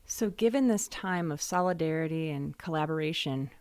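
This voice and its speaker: A woman's voice: low-pitched, lively intonation, normal speed, a little mellow, no room sound. A woman hosting a podcast, asking questions and thanking her guest politely. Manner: polite, appreciative. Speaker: podcast host. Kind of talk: interview questions.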